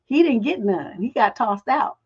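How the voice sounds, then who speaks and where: A middle-aged woman hosting a relationship advice livestream, telling stories in a blunt, profane, animated way. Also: on the high side, normal speed, breathy edge, muffled recording.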